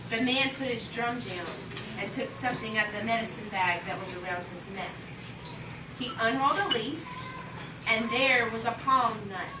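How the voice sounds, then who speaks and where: A woman telling a folk tale live to an audience, expressive and shouting the story's commands. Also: a little high, noisy background. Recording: roomy live recording from far off over loud music.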